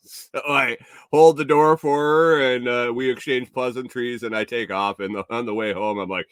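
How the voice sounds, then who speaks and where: A man's voice: mid-range voice, steady tone, normal speed, fairly bright tone, clean tone, no echo, studio quality. A man hosting a casual morning show, telling a story with frequent chuckles and cursing, and reading out viewer comments. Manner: chuckles through his story, swears freely, reads viewer comments. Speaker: show host.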